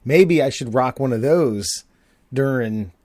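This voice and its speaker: A man's voice: medium pitch, lively intonation, unhurried, darkish tone, no room sound, clean studio sound. A man co-hosting a podcast, telling stories in a rambling, casual way with lots of fillers and swearing. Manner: rambling, profane storytelling with frequent fillers. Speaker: podcast co-host. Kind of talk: casual chat.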